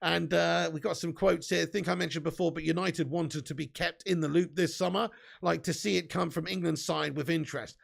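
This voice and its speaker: A man's voice: fairly high pitch, fairly even intonation, a little fast, creaky. A young man hosting a live stream, chatting casually with his viewers and bantering, swearing and laughing often.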